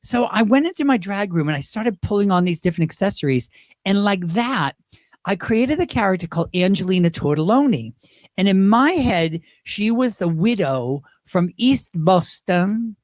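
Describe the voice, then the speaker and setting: A man's voice: high voice, animated, normal speed, dry recording, clean studio sound. A man in his fifties, a drag performer telling rambling stories as an interview guest. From Great Britain. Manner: chatty, rambling, slips into impressions. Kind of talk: casual interview storytelling.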